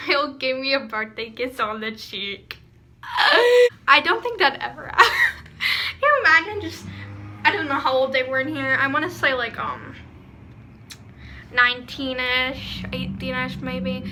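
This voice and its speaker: Teen girl vlogging into her phone, bright voice, laughing at her own old writing. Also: high-pitched, slight background noise. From Pennsylvania, USA. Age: teens. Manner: giggly, self-mocking, lots of "like" and "um". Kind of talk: reading old fan fiction aloud with commentary. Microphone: phone camera.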